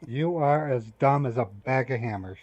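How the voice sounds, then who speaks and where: A man's voice: mid-range voice, normal speed, darkish tone, a little hiss or hum. A man hosting a prank call with a scammer, mocking and teasing her. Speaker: scambaiter host. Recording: dull lo-fi sound.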